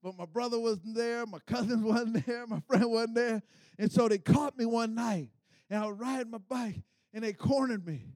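A middle-aged man preaching a sermon, calling for responses from the congregation and swelling into shouts. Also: extremely high pitch, no echo.

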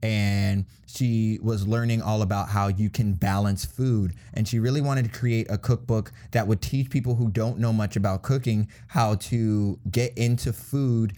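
A man's voice: on the low side, dark tone. A young man co-hosting a casual podcast chat, rambling through a list with fillers and frequent laughs. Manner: rambling, laughs often, imitates people. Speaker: podcast co-host.

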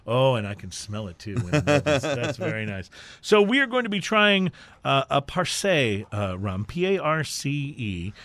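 Male radio host, casual tasting banter, animated and halting, dry studio mic. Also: medium pitch, no room sound. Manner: animated, halting with many fillers. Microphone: studio microphone.

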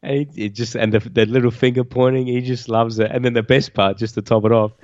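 A man's voice: medium pitch, little pitch movement, a little fast, darkish tone, no room sound, highs cut off. A man co-hosting a podcast, talking in an easygoing, agreeable way with plenty of slang. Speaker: podcast co-host. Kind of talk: casual chat.

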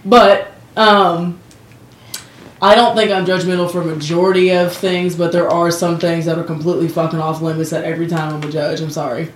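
Female podcast co-host, lower voice, blunt and profane, echoey room. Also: little pitch movement, moderate pace. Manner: blunt, swears freely, laughs at herself. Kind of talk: casual chat.

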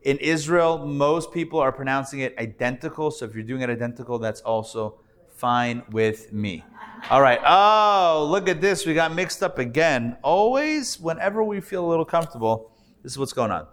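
Upbeat rabbi teaching Hebrew reading. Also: male voice, on the high side, expressive, fairly bright tone, smooth. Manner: upbeat, playful, breaks down sounds slowly. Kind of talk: live classroom teaching. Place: class hall, recorded live.

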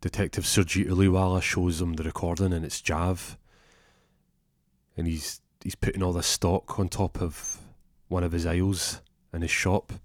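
Low voiced guy telling a funny story, dry sound, trips over his words. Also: level tone, moderate pace, dry recording. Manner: stammers and restarts while narrating. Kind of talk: comic storytelling.

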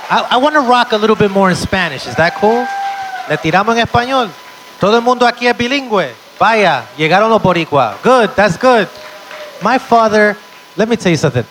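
Brisk and high-pitched, a young man performs a stand-up set for a live audience, his intonation lively as he fires off punchy, profane stories. Background noise is audible.

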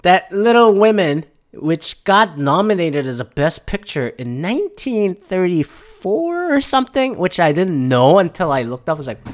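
Lively, profane male podcast host. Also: high-pitched, moderate pace, few pauses. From Canada. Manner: profane, rambling, wry. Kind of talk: casual solo podcast movie talk.

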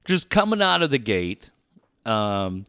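A man's voice: lowish voice, very animated, slow pace, pushed and bright, clean tone, no echo, clean studio sound. A middle-aged man hosting a sports talk show, telling a profane story with lots of laughter. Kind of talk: casual storytelling chat.

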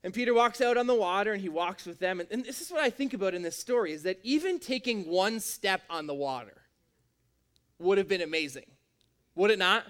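High-voiced young man preaching. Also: animated, brisk, fairly bright tone. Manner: conversational, acts out quotes with big pitch jumps. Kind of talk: sermon. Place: in a room with an audience.

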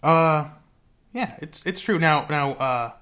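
A man's voice: on the high side, a little slow, sharp tone. A man hosting a podcast, chatting casually with stammering restarts. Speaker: podcast host. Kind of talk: casual chat.

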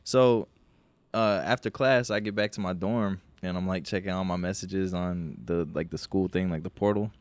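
A man's voice: low voice, steady tone, moderate pace. A young man co-hosting a podcast, telling a profane, laid-back story with frequent laughter. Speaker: podcast co-host. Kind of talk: casual storytelling chat.

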